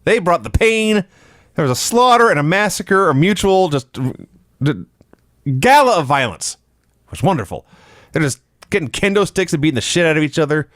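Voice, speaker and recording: A man's voice: fairly high pitch, very animated, normal speed, no echo, studio quality. A man co-hosting a casual podcast, scornfully picking apart a wrestling show and mocking its lines. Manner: scornful, mocks lines in loud put-on shouts. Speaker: podcast co-host. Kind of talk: casual profane wrestling review chat.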